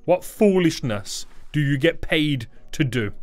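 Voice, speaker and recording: A man's voice: a little high, lively intonation, unhurried, soft background music. A young man doing playful, teasing livestream commentary while he plays a game and reads out donations. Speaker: gaming YouTuber reading donations.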